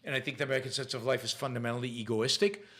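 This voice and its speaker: A man's voice: medium pitch, steady tone, rapid-fire, pushed and bright. A man with a noticeable accent hosting a casual question-and-answer show, reading viewer questions aloud and answering them with frequent restarts and fillers. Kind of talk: casual live Q&A talk.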